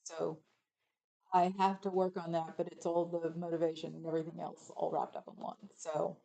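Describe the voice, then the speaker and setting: A woman's voice: fairly low pitch, flat delivery, normal speed, gravelly, dark tone, poor audio. A middle-aged woman from California hosting a livestream, chatting casually and reading viewer comments aloud. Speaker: livestream host reading chat. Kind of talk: casual rambling chat.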